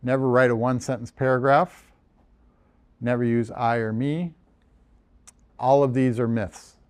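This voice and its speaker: A man's voice: medium pitch, fairly even intonation, unhurried. A man from the United States, a journal editor, giving a conversational lecture over slides with frequent ums and restarts. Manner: conversational, self-deprecating, many ums and restarts.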